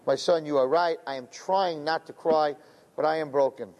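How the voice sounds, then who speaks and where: A man voicing a grieving widowed mother who speaks softly and brokenly. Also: fairly high pitch, fairly even intonation, moderate pace, natural voice. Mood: sorrowful.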